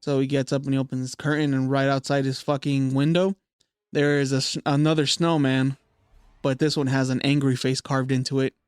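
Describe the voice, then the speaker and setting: A man's voice: medium pitch, little pitch movement, a little fast, clear, resonant tone, no echo, studio quality. A young man hosting a podcast, casually retelling a spooky story with lots of fillers and swearing. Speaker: podcast host.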